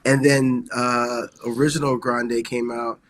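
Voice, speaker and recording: Rambling, excitable man in casual chat. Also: medium pitch, measured pace. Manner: excitable, rambling, heavy use of "like". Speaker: wrestling podcast co-host.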